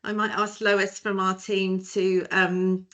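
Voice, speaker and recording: A British woman opens a webinar over a video call, chatty and lightly joking. Her pitch sits in the middle, and she pauses often as she introduces her guest. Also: level tone, sharp tone. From Britain. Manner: chatty, jokey, hesitant. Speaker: webinar host, HR firm director. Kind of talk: casual webinar hosting.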